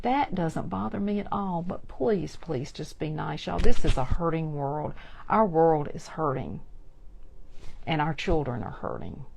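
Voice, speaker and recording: A woman's voice: sits low, a little slow, gravelly, darkish tone, a little hiss or hum. A woman hosting a chatty live crafting demonstration, talking straight to her viewers. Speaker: craft tutorial host.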